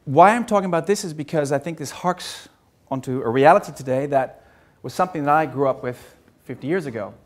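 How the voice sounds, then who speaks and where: Earnest older German man on stage. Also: a little high. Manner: earnest, measured, with repeated words. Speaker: speaker. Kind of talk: personal talk on a stage. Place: stage of a talk event.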